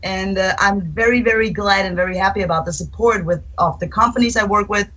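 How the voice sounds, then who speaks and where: Woman, young adult, rock guitarist, casual interview, chatty storyteller, mid-pitched voice. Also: a little fast, low-quality recording. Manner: chatty, animated storytelling with acted-out quotes.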